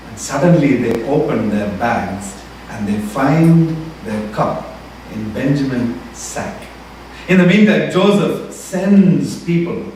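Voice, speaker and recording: A man's voice: mid-range voice, a little mellow. A man preaching a sermon as pastor, retelling a story with acted-out quotes. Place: church sanctuary. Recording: echoey church hall, mic from far off, faint room noise.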